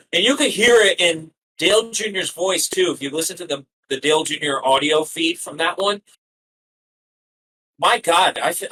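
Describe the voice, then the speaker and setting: A man's voice: fairly high pitch, pushed and bright, poor audio. A man in his twenties co-hosting a casual motorsport podcast, talking earnestly and conversationally. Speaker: podcast co-host.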